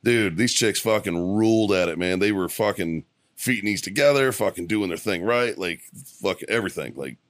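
A man with a lowish voice, roughened from too many cigarettes, telling weekend stories on a podcast. He swears freely and laughs between lines. The studio sound is close and dry. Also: animated, normal speed, no echo. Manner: profane, laughing storyteller. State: rough from smoking. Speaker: podcast co-host. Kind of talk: casual chat.

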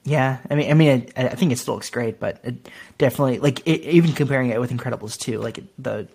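A man's voice: medium pitch, creaky, darkish tone, breathy edge. A man co-hosting a podcast, chatting casually and agreeably. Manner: easygoing, agreeable, quick affirmations. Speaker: podcast co-host.

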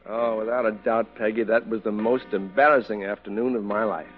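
An actor playing a flustered professor caught hiding, who makes wordy excuses in a sitcom. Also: male voice, lowish voice, steady tone, a little fast, faint music behind, lightly acted. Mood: sheepish. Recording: dull old TV soundtrack.

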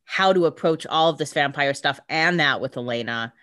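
A woman's voice: deep voice, normal speed, a bit bright, no room sound, studio quality. A young woman co-hosting a podcast, giving blunt, casual commentary on a TV show and swearing for emphasis. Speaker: podcast co-host.

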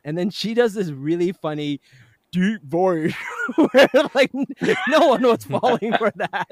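A man's voice: a little high, lively intonation, normal speed, no echo, clean studio sound. A man hosting a podcast, casually retelling a TV episode and laughing often as he goes. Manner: chatty, laughs often while retelling scenes. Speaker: podcast host.

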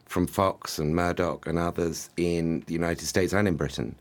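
Deep-voiced man, measured analysis. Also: steady tone. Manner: measured, hedging with ums. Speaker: podcast guest commentator. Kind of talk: casual political analysis.

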